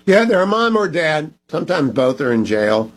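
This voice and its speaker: A man's voice: fairly high pitch, very animated, moderate pace, poor audio. A man hosting a talk radio show, talking emphatically and cajoling his listeners.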